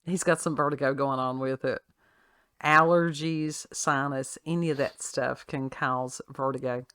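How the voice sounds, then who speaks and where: A woman's voice: very deep voice, steady tone, measured pace, fairly bright tone, clean tone, no echo. A woman hosting a casual talk show, reading a news story aloud with sarcastic asides and frequent laughs. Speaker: podcast host. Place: at home with her child nearby.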